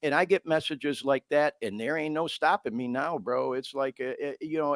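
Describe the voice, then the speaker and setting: A man hosts a podcast in a heartfelt, informal way, calling his listeners y'all and bro. His pitch rises and falls freely as he speaks. The sound is dry and close, with no room echo. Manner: heartfelt, talks openly about feeling vulnerable. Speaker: podcast host. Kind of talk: earnest podcast conversation.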